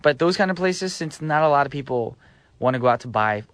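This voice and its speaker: A man's voice: on the high side, lively intonation, fairly quick, a bit bright, no echo. A man hosting a casual radio show in a studio, upbeat and jokey, reading out listener messages and chatting with his guest. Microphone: studio microphone.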